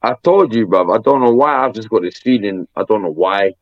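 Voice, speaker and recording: A young man, telling animated, slang-heavy stories as co-host of a casual football podcast. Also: fairly low pitch, fairly quick, dry recording, highs cut off.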